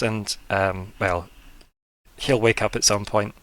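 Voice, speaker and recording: A man's voice: on the low side, takes it slowly, long pauses, no echo. A man narrating as game master, rambling with many fillers and likes.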